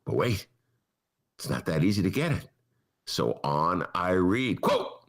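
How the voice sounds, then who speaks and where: A man's voice: low voice, creaky, a bit bright. An older man with a Chicago accent, hosting a talk show and doing a sarcastic comic monologue that mocks what he reads aloud. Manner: sarcastic, mocking voices. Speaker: podcast host.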